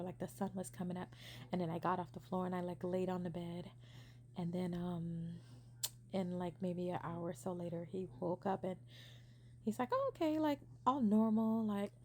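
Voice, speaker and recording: A young woman casually telling a personal story, animated, acting out what people said and using many fillers. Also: mid-range voice, a little hiss or hum.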